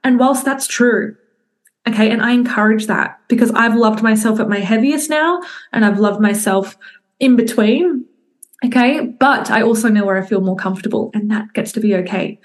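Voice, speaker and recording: A woman's voice: on the high side, normal speed. A young woman, a fitness coach talking candidly to her group on a video call, swearing casually and speaking straight to her listeners.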